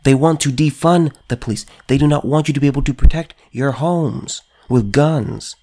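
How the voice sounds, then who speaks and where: A man's voice: mid-range voice, moderate pace, dark tone. Emphatic man giving political commentary. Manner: emphatic, repetitive rhetorical questions; stammering restarts when worked up. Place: California.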